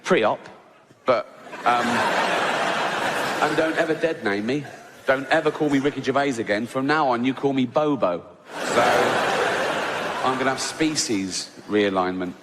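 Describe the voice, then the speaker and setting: A man doing stand-up comedy, rambling through self-interrupting asides and laughing at his own jokes. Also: mid-range voice. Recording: reverberant hall with audience noise.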